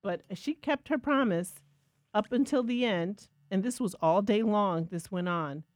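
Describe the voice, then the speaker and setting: A woman co-hosting a podcast, telling a lively personal story in a casual, self-mocking way. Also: medium pitch, measured pace, dry recording, studio quality. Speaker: podcast co-host.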